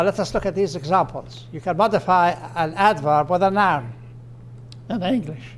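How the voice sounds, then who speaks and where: A man giving a grammar lecture, slowing down and stressing his example phrases. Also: high voice. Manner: explanatory, with fillers and restarts. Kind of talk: recorded lecture.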